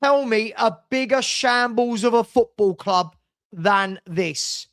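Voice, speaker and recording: Older male fan host, unhurried delivery, sarcastic exasperation with sudden shouted outbursts. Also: very high voice, clear, resonant tone. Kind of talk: live football watchalong commentary.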